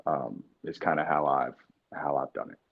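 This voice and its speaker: A young man with a very low, husky voice talks freely as a podcast guest, swearing often and restarting his sentences. The sound is a bit dull and lo-fi. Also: moderate pace. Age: young adult. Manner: energetic, profane, many fillers and restarts. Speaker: NFL quarterback guest. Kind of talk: casual interview talk.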